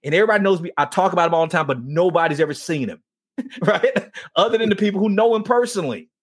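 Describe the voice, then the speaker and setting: With a high, husky, animated voice and a fast pace, a man recounts an emotional personal testimony on the faith talk show he hosts. A men's ministry leader, he tells it earnestly and acts out the dialogue.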